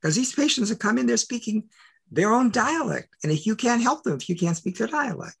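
An older man telling personal stories as an interview guest, emphatic and full of rhetorical questions, with a gravelly voice. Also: very high voice, animated, a little fast. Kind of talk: animated personal storytelling.

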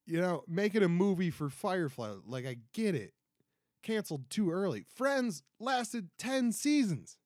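A man's voice: high voice, very animated, a little slow, hardly any pauses, a little mellow, dry recording, clean studio sound. A man in his twenties hosting a casual solo podcast, rambling and self-deprecating with many restarts. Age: 20s. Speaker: podcast host. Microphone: close podcast mic.

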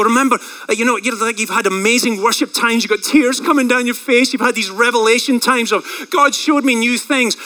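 A man preaching a sermon, lively and playful, acting out quoted voices and repeating key words for emphasis. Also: sits high, low-quality recording. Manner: animated, acts out quoted voices, jokes. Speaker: pastor.

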